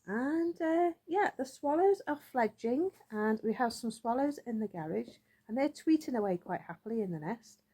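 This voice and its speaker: A woman's voice: fairly high pitch, expressive, moderate pace, few pauses, warm tone, slightly rough. A woman chatting casually to her vlog audience, rambling and thinking aloud as she goes. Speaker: vlogger. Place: outdoors in a yard.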